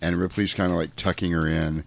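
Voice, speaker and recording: Low-voiced man recapping a film. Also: fairly quick, no room sound. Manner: animated, acts out quotes. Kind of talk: casual film recap chat.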